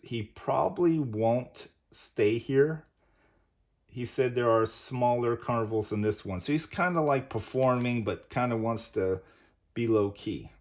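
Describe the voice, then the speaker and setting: Rambling male comic reviewer. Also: medium pitch. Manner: rambling, says "basically" often. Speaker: comic book reviewer, host.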